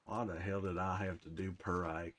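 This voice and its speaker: A man's voice: deep voice, little pitch movement, normal speed, fairly bright tone, slight background noise. A man playing a grizzled, hot-tempered survivor while commenting in character on his game, swearing a lot and scolding himself. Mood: bitter, remorseful. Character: grizzled middle-aged male survivor, protective and hot-tempered.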